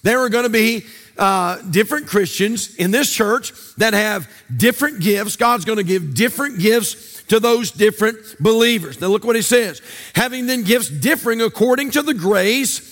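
A man's voice: high voice, normal speed, fairly bright tone. A male pastor preaching a sermon in a church, with a sing-song cadence and repeated phrases. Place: church sanctuary.

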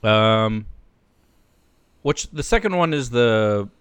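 A man's voice: on the low side, expressive, takes it slowly, smooth, dry recording. A man co-hosting a podcast in easygoing casual chat, teasing his friend and laughing along. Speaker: podcast co-host.

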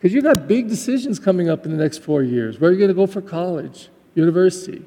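A man's voice: high-pitched, expressive, fast, warm tone, big-room sound. A man, a Catholic pastor, giving a graduation Mass homily in a church, talking in a heartfelt, conversational way with frequent restarts.

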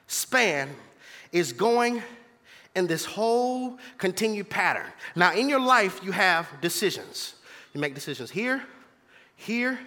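A man's voice: sits high, sharp tone, big-room sound. A man preaching a sermon as pastor in a church, emphatic and repetitive, calling out to the congregation. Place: church sanctuary.

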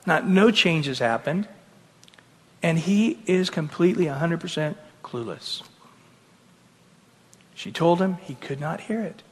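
A man, a pastor, preaching earnestly and acting out quotes with animated delivery. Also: on the high side, a little slow, pauses often, slightly rough, long reverb tail. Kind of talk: sermon.

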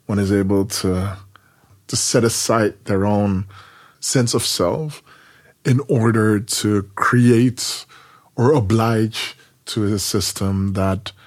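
Male interviewer from the Netherlands; very deep, husky; halting, reflective. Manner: reflective, halting, with many repeats. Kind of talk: interview conversation.

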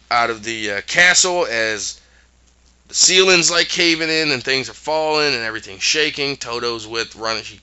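Very bright-voiced man, lively retelling. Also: mid-range voice, smooth, muffled recording. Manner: animated retelling with acted-out quotes. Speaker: podcast co-host recapping a show. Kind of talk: casual chat.

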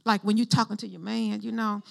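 A woman's voice: medium pitch, a little fast, vocal fry. A woman pastor preaching a sermon in a conversational style, calling out prompts for the congregation to answer. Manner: lively call-and-response with the congregation; conversational, shifts between preaching and chatty asides.

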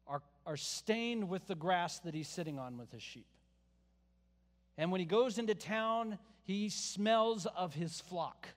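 A man preaching a sermon as a pastor, in a conversational style with joking asides. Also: sits high. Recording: long hall reverb.

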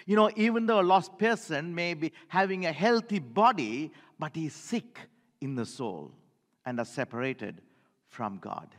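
A man's voice: a little high, lively intonation, measured pace, fairly bright tone, in a large hall. A male preacher delivering an emphatic sermon, repeating key phrases and calling on the congregation to respond.

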